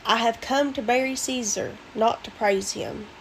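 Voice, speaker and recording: Slow, loud Appalachian woman reciting. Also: a little high, very noisy. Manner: loud, theatrical, drawn-out delivery. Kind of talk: reading Shakespeare aloud.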